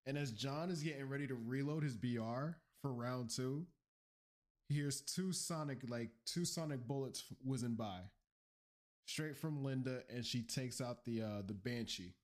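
A man's voice: medium pitch, moderate pace. Man animatedly recapping a story. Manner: energetic, rambling storytelling with slang. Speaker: podcast co-host. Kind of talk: casual lore recap chat.

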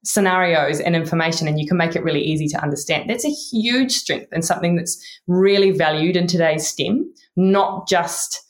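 A woman's voice: lowish voice, moderate pace, few pauses. A woman with a New Zealand accent, a neuroscientist answering interview questions in an earnest, encouraging way. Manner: warm, earnest, often says "really". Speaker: neuroscientist guest. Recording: roomy echo.

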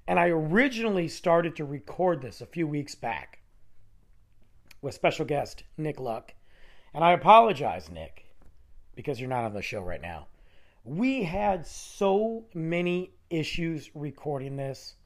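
Animated man hosting with a nasal, fading voice. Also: a little high, a little slow. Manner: rambling, animated, restarting sentences. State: losing his voice, nasal. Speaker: podcast host. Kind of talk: solo podcast monologue. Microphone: close studio microphone.

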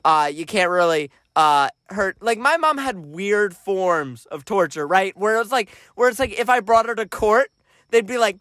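A man co-hosting a podcast, telling a story in a casual, animated way and laughing often. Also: moderate pace, no echo. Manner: animated storyteller, jumps to high voices quoting his mother, laughs often. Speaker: podcast co-host.

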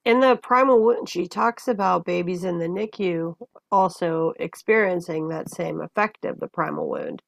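A woman guest in a casual conversation, telling personal stories in an animated way and acting out the voices of the people in them. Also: lowish voice, moderate pace, vocal fry, no echo. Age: adult mother of a young child. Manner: animated, acts out voices in her anecdotes. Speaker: podcast guest.

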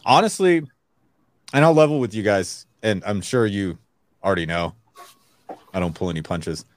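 A man co-hosting a podcast in casual chat, blunt and quick to swear, laughing often at his own jokes. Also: lowish voice, no room sound. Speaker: podcast co-host.

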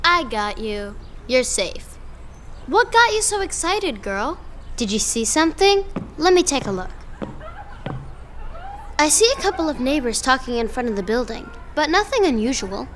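Curious girl detective, high, lively, eager, ambient noise behind. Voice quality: bright, eager narrating. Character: curious, brave 11-year-old girl detective. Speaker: voice actor. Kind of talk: audio drama acting.

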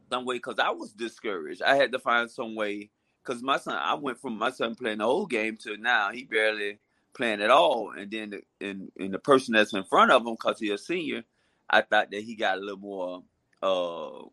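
Middle-aged dad, bright sharp voice, candid and halting, dry mic. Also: male voice, fairly low pitch, dry recording. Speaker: father of a guest. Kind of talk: casual interview chat.

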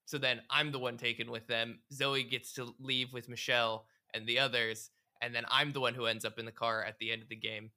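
A man with a strikingly bright, punchy voice recaps a video game with friends. He tells it like a story, acts out the characters' lines and curses for emphasis, in a loose, conversational way. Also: medium pitch, brisk, few pauses. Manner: animated storyteller, acts out dialogue, swears.

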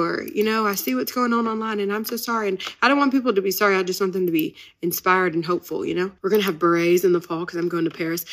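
A woman's voice: fairly low pitch, fairly bright tone. A woman, chatting casually as host of her own podcast, upbeat and very talkative. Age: 30s. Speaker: podcast host and business owner. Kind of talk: casual chat.

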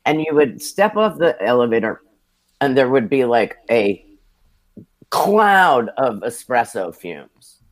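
This is a casual storytelling interview with a television producer from the United States, whose voice sits at a normal middle pitch. Taking his time at a slow pace, he spins career anecdotes full of lively self-mockery, each one unfolding with relaxed conversational flow.

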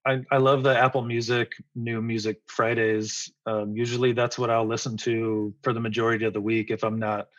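A man's voice: mid-range voice, level tone, moderate pace, few pauses, a bit bright, no room sound, highs cut off. A man in his forties, a musician being interviewed, talking in a rambling, enthusiastic way. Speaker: musician guest. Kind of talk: casual interview.

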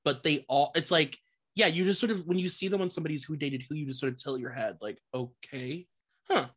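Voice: medium pitch, fast talker, fairly bright tone, husky. Loose joking podcast cohost, laughs a lot, mid voice, swears casually. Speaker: podcast co-host. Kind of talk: casual chat, reading celebrity gossip items.

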